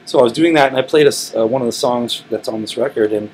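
A man talks easily about his music, voice at a middle pitch, restarting his sentences as he goes. There is a faint hiss of room noise behind him. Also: fast, rough recording. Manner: relaxed, rambling storytelling with frequent restarts. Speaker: musician, interview guest. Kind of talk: casual interview talk. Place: recording studio.

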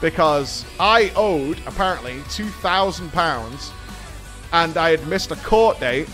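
A British man in his thirties hosting a podcast, telling a story in a casual, animated way and swearing freely. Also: on the high side, takes it slowly, faint music behind. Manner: animated, swears, laughs while telling stories. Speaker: podcast host.

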